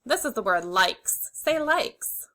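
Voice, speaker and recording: Slow, bright-voiced woman teaching phonics. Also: fairly high pitch, big pitch swings, low-quality recording. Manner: slow, clear, encouraging, sounds out letters. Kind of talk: phonics lesson for young children.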